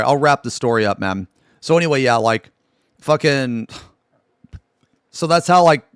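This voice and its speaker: A male streamer talking to his chat in a loose, cursing ramble, circling back and restarting his sentences as he goes. His voice sits at an ordinary middle pitch for a man. It is recorded close and dry, with no room sound. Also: dry recording. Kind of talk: casual live-stream storytelling.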